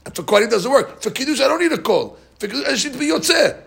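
A man teaching a lively religious text class, asking his students questions and reading passages out quickly. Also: extremely high pitch, gravelly, husky. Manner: animated, questioning the class, reads Hebrew text fast. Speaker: rabbi teaching a Talmud class. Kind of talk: Talmudic lesson, mixing English and Hebrew.

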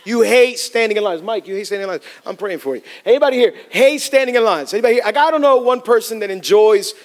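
A man preaching to a congregation as pastor, telling funny stories in an animated way. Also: sits high, quick pace. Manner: humorous, animated storytelling to a congregation. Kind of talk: sermon. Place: church in front of a congregation.

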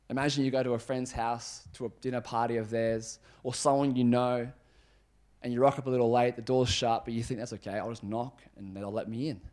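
This is a sermon from a male pastor whose delivery is chatty and forceful, sinking to a low, quiet register for weighty moments.

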